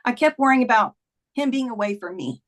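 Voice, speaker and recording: A woman's voice: a little high, animated, brisk. A woman in her fifties, a podcast guest, earnestly retelling a personal story in conversation, with many "like"s.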